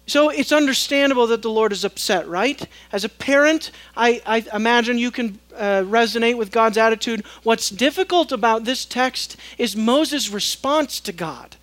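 A pastor preaching a sermon, swinging between loud emphatic passages and hushed low tones, acting out the voices of the people in his text. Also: measured pace, dry recording, low-quality recording. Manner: acts out quoted voices of God and Moses.

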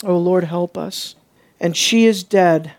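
This preacher, whose voice is high and whose pace is slow, delivers an expository sermon full of rhetorical questions. His tone shifts from quiet to forceful, and he mimics other people with sarcasm.

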